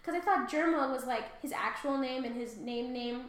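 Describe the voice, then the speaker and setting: A woman's voice: sits high, moderate pace, fairly bright tone. A young woman co-hosting a podcast, retelling a myth in rambling casual chat and swearing easily. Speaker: podcast co-host. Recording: echoey room.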